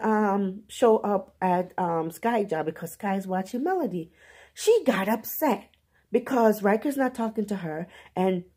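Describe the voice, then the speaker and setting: A woman's voice: mid-range voice, husky. A woman casually retelling a novel's plot in a chatty, slangy way as a book vlogger. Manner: animated, slangy retelling with asides. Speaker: book reviewer. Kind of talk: casual book review vlog.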